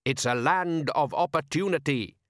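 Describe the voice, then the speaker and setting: A man's voice: a little high, moderate pace, fairly bright tone, no room sound, pitched above the performer's own voice, lightly acted. A man playing a blustering, scheming middle-aged fisherman father in a comic fantasy audiobook. He lectures in a bossy, self-satisfied way, close and dry.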